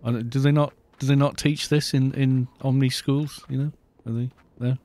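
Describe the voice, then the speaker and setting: A man's voice: medium pitch, level tone, moderate pace, darkish tone. A man chatting casually on a live game stream, rambling through jokes and often laughing at himself. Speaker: gaming streamer. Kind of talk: casual live-stream chat while playing.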